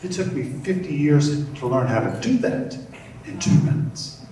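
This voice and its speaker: A man's voice: fairly high pitch, lively intonation, normal speed, dark tone, slight background noise, close to an everyday voice. A man voicing a dry, matter-of-fact famous male painter, in an echoey hall from far off.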